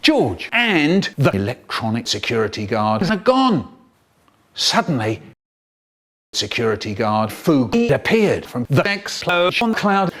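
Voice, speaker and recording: A man telling a comic story, dramatic and expressive. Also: a little slow. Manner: expressive, dramatic swoops in pitch.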